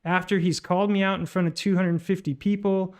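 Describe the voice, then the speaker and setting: A man's voice: high-pitched, level tone, a little fast, darkish tone. A man hosting his own channel, talking through a dispute with plenty of fillers and false starts. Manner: rambling, many fillers and restarts. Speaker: channel host. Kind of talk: commentary on played voice messages.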